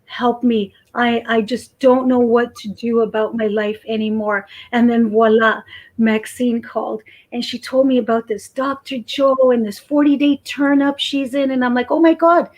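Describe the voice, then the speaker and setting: A woman guest telling a personal story in a casual chat, animated and acting out what people said. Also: a little high, moderate pace, poor audio. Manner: animated storyteller, acts out quotes.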